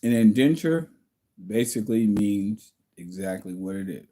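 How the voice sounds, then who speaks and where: A man's voice: on the low side, expressive, unhurried, dark tone. A man hosting a casual livestream from home, reading viewer comments and answering them bluntly, like a lecture.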